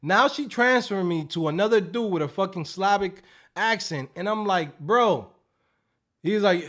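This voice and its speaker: A man hosting a casual livestream, joking loudly and profanely and acting out scam calls. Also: sits high, animated, a little slow. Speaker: livestream host.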